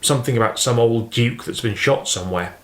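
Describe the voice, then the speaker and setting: In an audiobook reading, a man voices an eager, affectionate fifteen-year-old farm boy, speaking at medium pitch, a little fast, in a tone close to his everyday voice. The mood is wistful, and the delivery is earnest, affectionate and chatty. The recording has a roomy echo.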